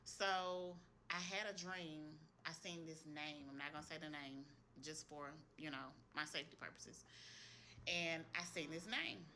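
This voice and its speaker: A woman's voice: deep voice, sharp tone, a little hiss or hum. A woman, an esthetician, telling viewers a personal faith story in a casual, earnest testimony, speaking straight to them. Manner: earnest, retells what she heard in prayer.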